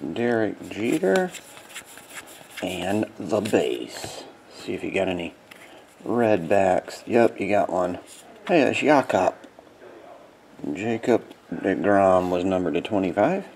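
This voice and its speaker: A man's voice: on the low side, lively intonation, vocal fry, darkish tone, slight background noise. A man hosting a card break, yawning and sleepy with watery eyes, calling out card names casually. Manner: drowsy, yawning, reads card names in quick bursts.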